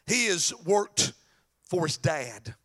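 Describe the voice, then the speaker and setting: A man preaching a sermon as pastor, animated and telling stories with acted voices. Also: a little high, slow pace.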